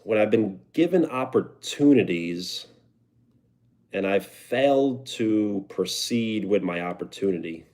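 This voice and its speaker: A man's voice: lowish voice, animated, unhurried, a little mellow. A young man with a New York accent, chatting casually on a live stream and answering viewer comments. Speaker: livestreamer.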